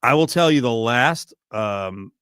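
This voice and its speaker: A middle-aged man hosting a sports radio show in a studio, joking and animated. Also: medium pitch, a little slow, clear, resonant tone, no echo. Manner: animated, joking, swings from mutter to near-shout. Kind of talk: casual sports talk. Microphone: studio mic.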